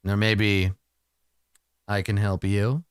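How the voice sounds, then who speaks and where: Cocky flirtatious male adventurer, as a man plays him, boastful, stammering, unhurried, dry sound. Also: lowish voice, little pitch movement, smooth, dry recording, voice pushed down. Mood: reassuring. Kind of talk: solo tabletop role-play.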